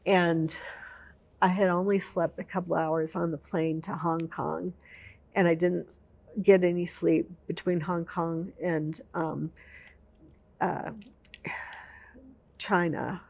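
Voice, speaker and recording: Interview subject: woman veteran, low gravelly voice, emotional storytelling. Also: steady tone, slow pace, long pauses, a little mellow. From United States. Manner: emotional, vivid storytelling with repetition. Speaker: veteran telling her story.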